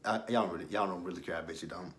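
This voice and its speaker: A young man in casual chat, recapping a reality show in a candid, rambling way that often trails off into quiet asides. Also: deep voice, steady tone, racing.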